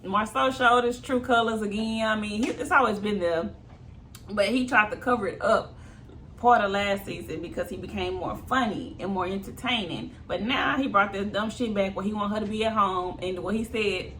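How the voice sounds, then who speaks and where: A woman's voice: medium pitch, moderate pace, a little hiss or hum. A woman giving a casual, gossipy recap of a reality show, laughing often and acting out what people said. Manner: laughs often, gossipy and animated, acts out quotes.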